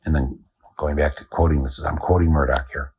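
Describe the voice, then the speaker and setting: An older American man hosting a podcast, delivering a deadpan satirical monologue and chuckling at his own jokes. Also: very deep voice, brisk, vocal fry, husky. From United States. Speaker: podcast host.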